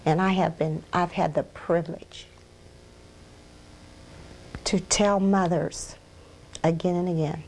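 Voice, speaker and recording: A woman's voice: on the low side, fairly even intonation, slow, pauses often, darkish tone, slight background noise. A woman guest in an interview, telling a personal testimony with strong feeling and repeating phrases for emphasis. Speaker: interview guest, ministry founder.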